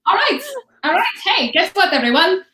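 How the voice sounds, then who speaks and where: A woman's voice: very high voice, very animated, normal speed, roomy sound, very noisy. A young woman co-hosting a podcast, playful and teasing as she steers the chat. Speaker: podcast co-host. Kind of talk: casual chat.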